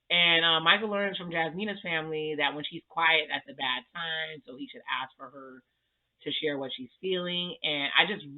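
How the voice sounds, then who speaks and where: A man giving a sassy, chatty, slang-filled recap of a reality TV episode. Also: on the high side. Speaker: TV recap vlogger. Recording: tinny phone-like sound.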